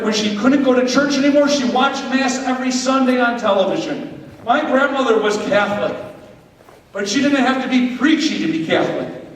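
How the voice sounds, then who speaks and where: Animated man speaking in an echoey hall. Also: very high voice. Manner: animated, addresses listeners directly. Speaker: speaker at a confirmation retreat. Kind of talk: storytelling talk. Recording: echoey hall from far off with faint noise.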